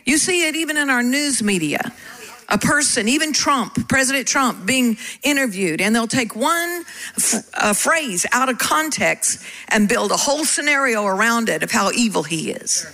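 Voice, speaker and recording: Bright-voiced woman preaching a lively sermon. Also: a little high, moderate pace, low-quality recording. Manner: animated, coaxes the congregation to repeat.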